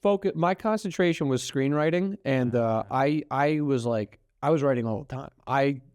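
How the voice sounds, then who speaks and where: A man's voice: mid-range voice, normal speed, a little mellow, clear, resonant tone, dry recording. A young man in his twenties with a New York accent, chatting as a guest on a podcast in a loose, rambling way, swearing freely and laughing often. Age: 20s. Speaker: guest comedian. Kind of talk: casual podcast chat.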